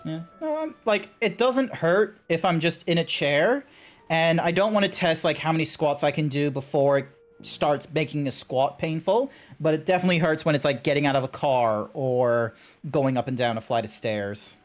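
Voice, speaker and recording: A man's voice: a little high, moderate pace, faint music behind. A man streaming a game, talking in a rambling, chatty way with lots of fillers. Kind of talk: casual live-stream chat.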